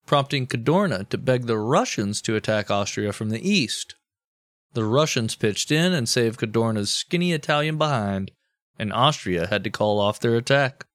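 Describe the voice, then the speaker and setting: A man's voice: mid-range voice, lively intonation, moderate pace, no echo. A man co-hosting a comedy history podcast, narrating events with irreverent, profane asides. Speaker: podcast co-host.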